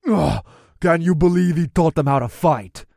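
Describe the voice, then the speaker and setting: A man voicing a disgusted, scoffing male orc in a higher, whiny tone. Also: expressive, moderate pace, gravelly, a little mellow, no echo, clean studio sound. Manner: gagging, scoffing.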